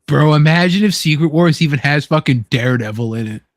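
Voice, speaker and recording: Young man, host, excitable, swears a lot, acts out quotes, slightly high voice, dry close sound. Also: brisk, dry recording. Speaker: podcast host. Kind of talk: casual chat.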